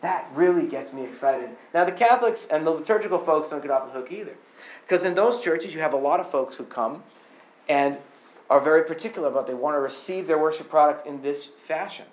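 A man preaching a sermon in a loose, joking, conversational way, with a Boston accent, in a church. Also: fairly high pitch. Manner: humorous, conversational, mimics other voices. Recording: echoey room.

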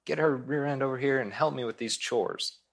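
A man's voice: mid-range voice, moderate pace, voice pushed up, lightly acted. A man voicing a frustrated, busy woman who complains and makes demands. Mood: exasperated. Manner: complaining, indignant.

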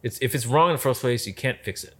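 A man talks in an easy, conversational way at a middle pitch. His delivery is animated and full of stories, and he often jumps back to restart a sentence as he goes. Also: fast. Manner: animated storyteller, acts out quotes, many restarts. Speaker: lighting specialist guest. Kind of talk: casual conversation.

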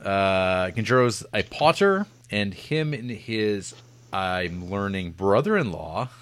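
A man's voice: fairly low pitch, lively intonation, slow, fairly bright tone. A man hosting a casual film review podcast, rambling and joking as he sums up the story. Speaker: podcast host.

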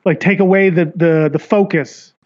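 A man's voice: high voice, fairly even intonation, normal speed, highs cut off, noisy background. A man telling a story in casual chat, rambling with lots of fillers and acting out what others said.

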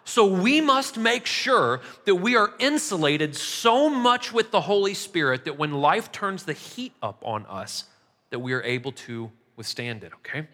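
A man preaching a sermon in a conversational, animated way, often checking in with the listeners. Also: sits high, unhurried, in a large hall. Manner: conversational, animated preaching with frequent "right?" asides. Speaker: pastor.

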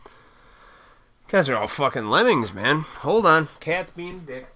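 A man from Illinois ranting in a casual solo monologue, blunt and profane, with mocking high-pitched put-on voices. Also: sing-song, measured pace, long pauses, bright, forceful tone, a little hiss or hum. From Illinois, USA. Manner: works in restaurants.

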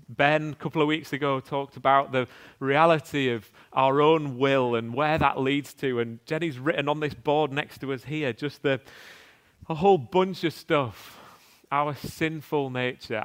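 A man giving a sermon with a smooth, resonant voice. He talks earnestly and conversationally, reading scripture aloud, stumbling over restarts now and then, and putting rhetorical questions to the congregation. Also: mid-range voice. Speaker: preacher.

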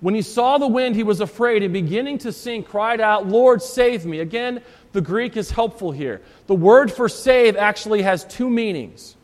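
A man preaching a sermon as pastor, walking through scripture verse by verse and repeating key phrases. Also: high voice. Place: church. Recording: long church reverb.

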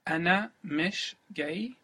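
A male learner answers his teacher in short, repeated phrases. He talks very fast with a bright, sharp tone. There is a husky edge to his voice. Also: sits high. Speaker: language learner. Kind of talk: answering in a language lesson.

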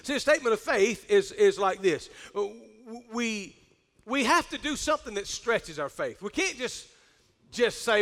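Preacher man, real high bright voice, hollers amen, church reverb all over it. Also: lively intonation, moderate pace. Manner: preacherly, rising to shouts, calls for amen. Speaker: pastor. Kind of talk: sermon. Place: church sanctuary. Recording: long hall reverb.

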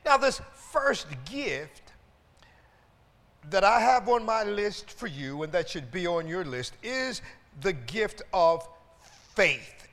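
High-voiced preacher in a reverberant church. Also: male voice, very animated, slow, fairly bright tone. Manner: preachy call-and-response, repeats words, exclaims hallelujah. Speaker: pastor. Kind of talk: sermon. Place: church sanctuary.

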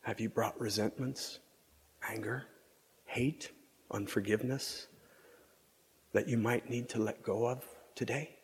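A man preaching a meditative reflection at a vigil, speaking in a measured, contemplative way and sometimes dropping to a whisper. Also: fairly low pitch, fairly even intonation, vocal fry, long reverb tail, a little hiss or hum. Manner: measured, contemplative, drops to whispers for inner thoughts. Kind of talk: slow meditative sermon.

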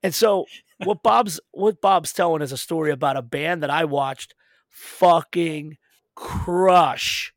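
A man hosting a casual podcast chat, swearing freely and telling animated stories. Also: a little high, slow, no room sound, studio quality. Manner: profane, animated storyteller. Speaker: host.

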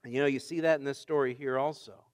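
A man, a pastor, preaching a sermon in a conversational way that builds to emphatic shouts. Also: medium pitch, fairly even intonation, fast, dry recording.

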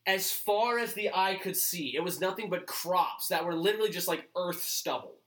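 A woman chats loosely on a comedy show, rambling, swearing and laughing often. Her voice is bright, in a room with noticeable echo. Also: on the low side, normal speed. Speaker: podcast co-host. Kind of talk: casual comedic chat. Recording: roomy echo.

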